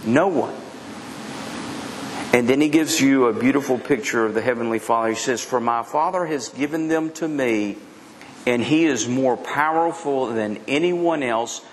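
Man preaching in a reverberant church. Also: normal speed. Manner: preaching with rhetorical questions and wide swings in pitch. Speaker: pastor. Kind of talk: sermon. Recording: long hall reverb with faint noise.

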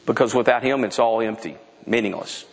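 A man's voice: medium pitch, a little fast, creaky, long reverb tail. A middle-aged man preaching a sermon in a frank, emphatic way, often restarting his sentences. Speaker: pastor.

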